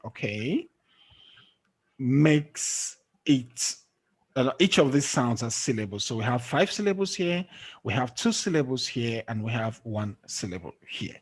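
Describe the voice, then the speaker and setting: A man's voice: mid-range voice, expressive, a little slow, breathy edge. A man teaching an online English lesson, patient and quizzing students, often checking with "okay?". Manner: patient, checks understanding with frequent "okay?" and quiz questions. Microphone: screen-sharing call or recording.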